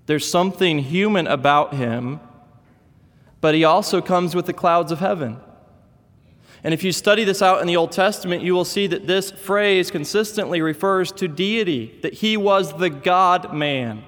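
A man's voice: high-pitched, normal speed, a bit bright, long reverb tail. A man preaching a sermon in a conversational, storytelling manner. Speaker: pastor.

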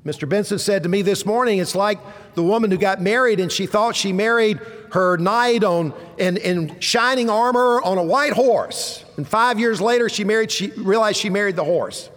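A male pastor preaching a sermon, telling stories with dramatic pauses and dropping low and quiet for punchlines. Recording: long reverb of a large hall.

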